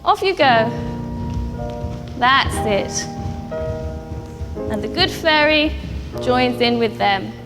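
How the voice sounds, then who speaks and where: High-voiced ballet teacher, slow and patient. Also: female voice, animated. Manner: patient, clear step-by-step instructions to children. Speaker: ballet instructor. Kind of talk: teaching children a dance class. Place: dance studio. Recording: reverberant studio hall with music.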